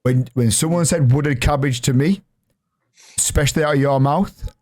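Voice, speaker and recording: A man with a Yorkshire accent hosting a casual podcast, chatty and jokey, reading out shout-outs. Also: medium pitch, moderate pace. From Yorkshire, England. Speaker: podcast host.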